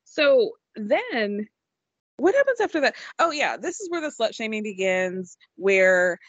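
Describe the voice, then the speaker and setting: A woman's voice: on the high side, sing-song, a little slow, dry recording, dull audio. A young adult woman co-hosting a podcast, recapping a reality show in casual, chatty talk with lots of ums and freely dropped swear words. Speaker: podcast co-host.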